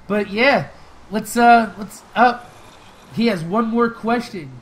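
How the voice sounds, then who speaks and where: A man's voice: high-pitched, slow, a little hiss or hum, poor audio. Profane young man chatting over gameplay. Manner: loose, profane storytelling with frequent laughs and fillers; bursts into excited shouting during fights. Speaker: gaming channel host. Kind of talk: casual gameplay commentary with viewer Q&A.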